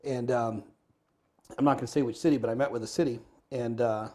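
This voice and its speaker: A middle-aged man, a guest in an interview, telling stories in a lively, animated way and acting out dialogue. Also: mid-range voice, a little fast. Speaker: guest, former firefighter and business owner. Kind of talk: casual interview storytelling. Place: Arizona.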